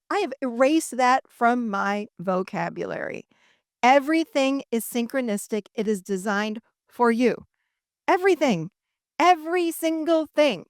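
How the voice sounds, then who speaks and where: A woman talks to a live audience with a fairly high voice and tells her stories expressively. She acts out the other people's voices and laughs often. The sound is dry and close, with little room echo. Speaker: speaker at a live event. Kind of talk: animated talk to a live audience.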